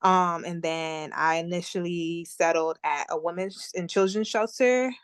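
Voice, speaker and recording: Young woman guest, low dry voice. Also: a little slow, clear, resonant tone, no echo. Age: young adult. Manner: relaxed, laughs often, many "like" fillers. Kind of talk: casual interview chat.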